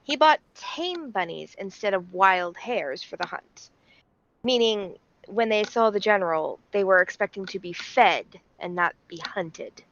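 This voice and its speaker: A woman streamer telling a playful story in an animated, theatrical way. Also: medium pitch, measured pace, lo-fi sound, a little hiss or hum. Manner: animated, theatrical, laughing often.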